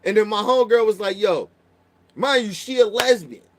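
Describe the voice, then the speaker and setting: A man's voice: high voice, moderate pace. A man telling a long story in casual chat, profane and rambling, often restarting his sentences. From Baltimore.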